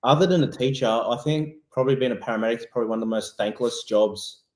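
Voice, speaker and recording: Host in an echoey room. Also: male voice, medium pitch, quick pace, darkish tone. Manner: conversational questioning. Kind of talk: casual podcast interview.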